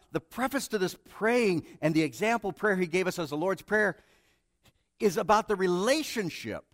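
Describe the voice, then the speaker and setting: A middle-aged male preacher with a somewhat high voice, animated and self-mocking as he tells a story. His delivery swings from hushed to loud, and the recording is dry and close. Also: no room sound. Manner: self-deprecating humor. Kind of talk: sermon with storytelling.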